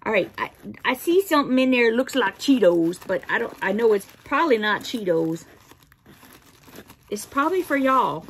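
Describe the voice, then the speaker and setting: A woman's voice: high-pitched, very animated, moderate pace, a bit bright, slightly rough. A woman hosting a casual unboxing video, cooing playfully at her cat and laughing often. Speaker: vlog host.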